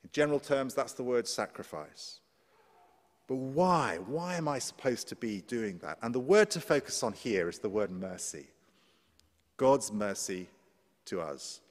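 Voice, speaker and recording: A man's voice: mid-range voice, sing-song, measured pace. A man with an English accent preaching a sermon in a conversational way, often asking his congregation questions. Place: church. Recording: long church reverb.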